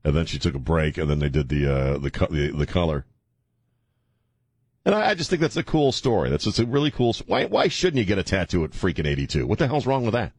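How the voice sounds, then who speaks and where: A tired talk radio host, speaking in a very low, deep voice. He rambles bluntly and cracks jokes, stumbling through fillers and restarts. The studio microphone sound is close and dry, with no room at all. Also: sing-song, fast, husky, no room sound. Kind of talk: casual talk radio monologue. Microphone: studio broadcast microphone.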